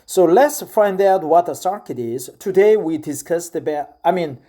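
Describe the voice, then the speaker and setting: A middle-aged man from South Korea with a Korean accent, speaking English as a second language in a casual, hesitant monologue full of filler pauses. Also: fairly high pitch, expressive, mellow. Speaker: vlogger.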